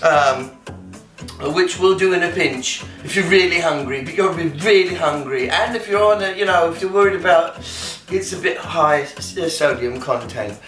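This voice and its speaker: A rambling, silly English home cook, put on by a man in a fake English accent, chatting his way through a recipe. The sound is roomy and picked up from across the kitchen, with loud music playing behind. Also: on the high side, normal speed, distant mic, natural voice. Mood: chatty. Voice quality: rambling, silly, self-talking. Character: chatty British alter ego of the man, cooking. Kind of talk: cooking demonstration in character.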